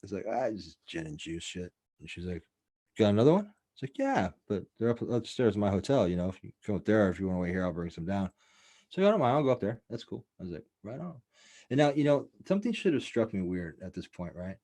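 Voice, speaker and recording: A man's voice: lowish voice, very animated, fast talker, a little mellow. A man hosting a podcast, telling a rambling, profane story in a loose, casual way and filling it with "like" and "you know.". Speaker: podcast host.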